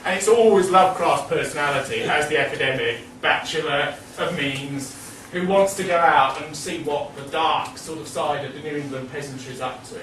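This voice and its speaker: A man's voice: a little high, normal speed, few pauses, a bit bright. A man giving a rambling, digressive talk at a meeting, full of asides and chuckles. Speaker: speaker at a meeting. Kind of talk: lecture-style speech. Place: meeting room. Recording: echoey hall, distant mic, background noise.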